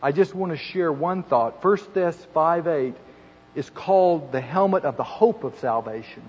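An earnest middle-aged man delivers a sermon, his slightly husky voice sitting a little high for a man. He builds to emphatic, repeated lines. The recording is muffled and carries a long hall reverb. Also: normal speed, darkish tone. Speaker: preacher.

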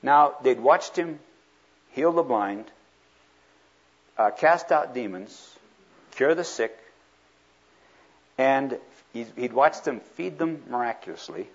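Guy preaching a sermon, husky voice, pitch jumps all over, kinda dull lo-fi tape sound. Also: slow pace, long pauses. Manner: animated, acts out quoted speakers. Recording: dull lo-fi recording.

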